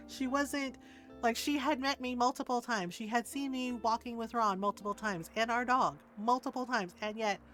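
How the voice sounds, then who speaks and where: A woman streaming a game, chatting casually and telling stories with lots of laughter and swearing. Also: medium pitch. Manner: animated storyteller, swears freely, laughs often.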